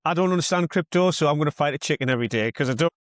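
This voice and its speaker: A man's voice: a little high, rapid-fire, no room sound, clean studio sound. A man hosting a podcast in casual, rambling chat that slips into mild swearing. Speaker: podcast host.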